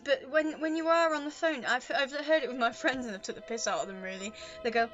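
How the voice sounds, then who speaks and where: High-voiced and quick, this vlogger barely pauses, and the highs of the audio are cut off. Sitting at home with a pet on her lap, she rambles chattily to the camera and makes fun of herself along the way. Quiet choir music plays behind.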